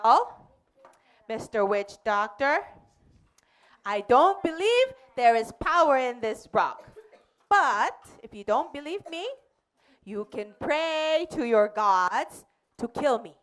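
A woman playing a bold, cheerful male missionary in a children's church skit, animated and playful. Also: fairly high pitch, slow pace, full character voice. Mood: calm defiance.

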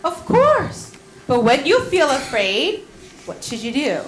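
A woman tells a story to a group of children, slow and unhurried, her high voice swooping up and down. She keeps asking the kids questions as she goes. The room echoes, with faint music behind her. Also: a little hiss or hum. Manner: animated, asks the children questions. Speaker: children's Bible teacher.

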